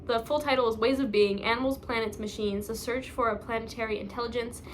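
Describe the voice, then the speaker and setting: A woman's voice: on the high side, steady tone, fast, slight background noise. A young woman vlogging casually about her reading pile, rambling, self-mocking and full of fillers. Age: young adult. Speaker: book vlogger. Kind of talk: casual chat.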